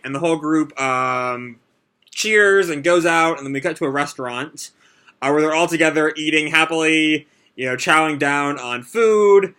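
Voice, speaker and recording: A man's voice: on the high side, normal speed, bright, forceful tone, clean tone. A young man hosting a live manga reaction, reading and commenting in a casual, rambling way. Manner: casual, rambling, many fillers.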